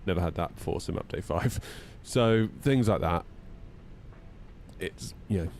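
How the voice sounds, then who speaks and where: A man chatting casually while streaming a flight sim at home, voice jumping high when he gets indignant. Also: unhurried, gravelly, a little mellow, slight background noise. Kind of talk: casual live-stream chat.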